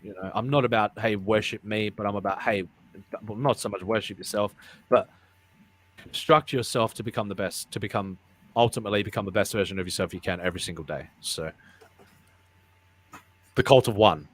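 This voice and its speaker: A low-voiced man hosts a casual live talk show. He rambles, restarts phrases and repeats words as he goes, laughing along the way. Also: a little fast, long pauses. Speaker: podcast host. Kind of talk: casual live-stream chat.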